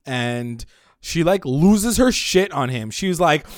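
A man casually recapping a show episode and swearing freely, jumping into loud voices when he quotes the characters. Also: on the high side, slow, no room sound. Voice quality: animated, swears freely, acts out lines when retelling. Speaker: podcast co-host recapping a show. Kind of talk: casual chat.

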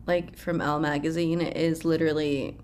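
On her pop culture podcast, a young woman chats casually about celebrity news, cursing and laughing a lot. She speaks at a normal speed in a low, level, slightly mellow voice, and there's a little hiss or hum in the recording.

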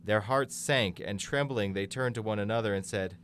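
A man giving a measured, scripted Bible reading, lending quoted speakers more emphasis. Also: on the low side, fairly bright tone, slight background noise. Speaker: Bible reader.

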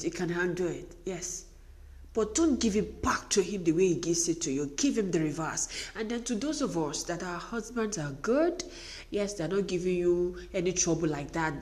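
A woman's voice: on the low side, darkish tone. A woman giving an earnest, emphatic, faith-based motivational talk to wives. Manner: earnest, emphatic, repetitive exhortation.

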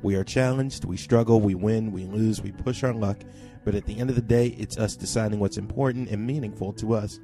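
A man co-hosting a podcast, reading a listener's email aloud with expressive emphasis, then chatting casually. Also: fairly low pitch, brisk, few pauses, over music. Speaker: podcast co-host.

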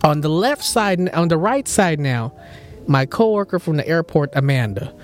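A man's voice: a little high, animated, moderate pace, faint music behind. A young man hosting a podcast, animatedly telling a dream story with laughs, casual chat among friends. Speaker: podcast host.

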